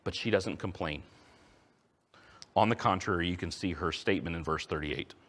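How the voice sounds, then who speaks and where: A man preaching a sermon in a conversational, animated way, asking his listeners rhetorical questions. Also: sits low, moderate pace. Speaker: pastor.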